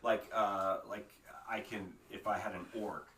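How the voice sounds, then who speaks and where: A male podcast host asking questions in a casual interview, enthusiastic and quick to put himself down. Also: fairly low pitch, fairly even intonation, crowd noise. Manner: prompting questions, enthusiastic and self-deprecating. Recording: roomy, distant mic with faint noise.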